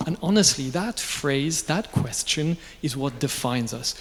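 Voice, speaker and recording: A man, a watch brand founder, telling lively, jokey anecdotes at a press conference. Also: on the high side, a little slow, hardly any pauses, background noise. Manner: lively, jokey, with asides and laughs. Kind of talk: anecdotal storytelling. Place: event venue. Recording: long reverb in a large space.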